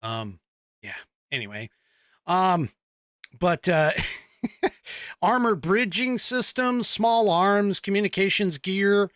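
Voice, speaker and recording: A man hosts a casual live-streamed political show. His voice sits a bit high and sounds bright and forceful, close to the mic in a dry room. He rambles, stops to read the chat aloud and chuckles often. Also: dry recording. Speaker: political podcast host.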